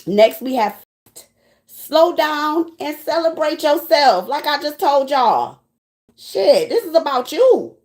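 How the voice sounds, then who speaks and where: High-voiced woman preaching bluntly. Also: slow. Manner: blunt, profane, preachy and animated. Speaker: tarot reader. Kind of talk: spiritual pep talk to viewers.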